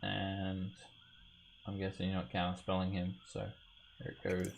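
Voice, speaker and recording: A man narrating as game master of an online tabletop game, halting with many fillers and restarts. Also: low-pitched, monotone, creaky, slight background noise.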